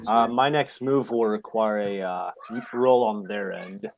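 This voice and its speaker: A man playing in a tabletop game, explaining his next move haltingly with fillers. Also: fairly low pitch, steady tone. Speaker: player. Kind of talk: casual tabletop game chat. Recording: dull lo-fi audio.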